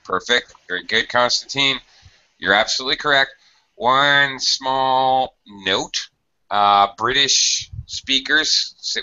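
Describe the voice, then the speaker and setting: Lively, bright-voiced man teaching. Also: medium pitch, takes it slowly, lo-fi sound. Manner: patient, explains with acted example sentences. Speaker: English teacher. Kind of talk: online group English lesson.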